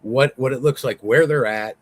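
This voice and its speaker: A man guesting on an interview, telling a story in a rambling, excitable way, full of swearing and fillers. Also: mid-range voice, moderate pace. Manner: rambling, profane, lots of fillers; excitable, voice rising as he tells it.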